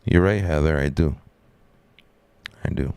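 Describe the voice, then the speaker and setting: A man chats on a live stream in a rambling, laid-back, profane way. His voice is deep and gravelly but smooth, and he speaks at a slow pace. The sound is close and dry. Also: darkish tone, no echo. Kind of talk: casual live-stream chat.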